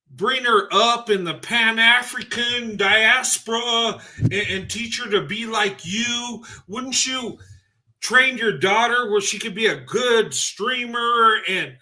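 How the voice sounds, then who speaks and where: A man with a very high, bright voice reacts to a clip in commentary. He talks slowly and sounds incredulous and mocking, stopping now and then to laugh or imitate. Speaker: commentary channel host.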